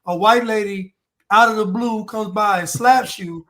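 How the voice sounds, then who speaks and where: A man's voice: high voice, unhurried, fairly bright tone. A man hosting a casual panel podcast, spinning a joking story with laughter and repeated starts. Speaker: podcast host.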